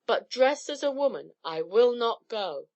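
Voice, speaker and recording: A woman's voice: a little high, animated, measured pace, darkish tone, no echo, dull audio. Thor, a woman doing a roaring thunder god. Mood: outraged. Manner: roaring, indignant. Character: angry mighty male thunder god.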